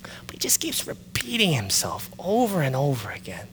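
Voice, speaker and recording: A male pastor telling a personal story in a sermon, animated and shifting from loud excited retelling to quiet confession. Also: lowish voice, a little fast, big-room sound, a little hiss or hum.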